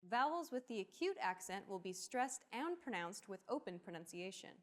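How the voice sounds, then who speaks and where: A woman narrating a scripted language lesson in an even, explanatory read. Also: mid-range voice, moderate pace.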